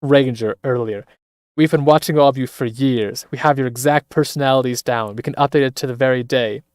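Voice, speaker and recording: A man's voice: medium pitch, steady tone, measured pace, a little mellow, clear, resonant tone, dry recording, clean studio sound, natural voice. A man voicing a cruel, taunting male host of a death game in a video game, speaking with contempt. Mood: smug.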